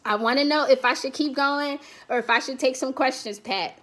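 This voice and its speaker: A woman's voice: high-pitched, moderate pace, a bit bright. A woman with an American accent, giving an emphatic motivational talk to a video call and then answering questions. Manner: emphatic, rallying, repeats "we have to". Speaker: guest speaker on a virtual summit.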